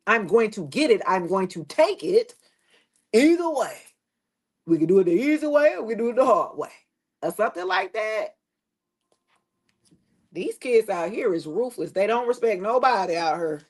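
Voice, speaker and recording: A woman's voice: medium pitch, animated, normal speed, long pauses. A middle-aged woman with a drawl, chatting casually on a live stream. She rambles from one thought to the next, speaks with blunt emphasis and drops a curse here and there, always addressing her viewers directly. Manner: talks straight to viewers.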